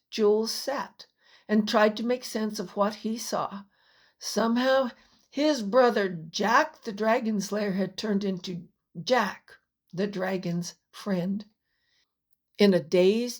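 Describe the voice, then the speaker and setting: A woman's voice: mid-range voice, steady tone. A woman reading her own children's fantasy story aloud as an audiobook. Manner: slow, unhurried storytelling. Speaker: author and narrator. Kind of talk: audiobook narration.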